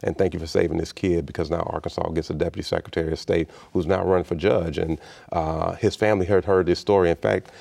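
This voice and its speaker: A middle-aged man from Chicago speaks as a guest in an interview. He has a very low voice with a heavy, gravelly fry. He tells a personal story with animation and acts out the voices of the people in it. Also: fairly even intonation, fast talker, a little mellow. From Chicago, United States. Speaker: interview guest, state official.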